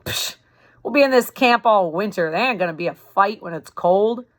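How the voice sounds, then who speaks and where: A woman's voice: mid-range voice, animated, moderate pace, close to an everyday voice. A woman voicing a dismissive young male soldier who scoffs offhandedly.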